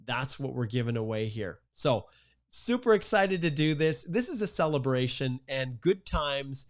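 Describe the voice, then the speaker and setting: A man's voice: medium pitch, expressive, a little slow. A man around fifty, hosting a live-stream Q&A, greeting viewers in an upbeat, enthusiastic way. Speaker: immigration live-stream host. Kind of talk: live-stream Q&A shout-outs.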